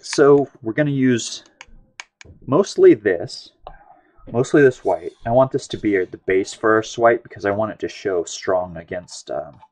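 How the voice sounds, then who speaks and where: A man from the United States with a fairly low voice hosts a live painting stream. He chats casually to his viewers and rambles, often trailing off and starting his sentences again. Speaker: livestream art host.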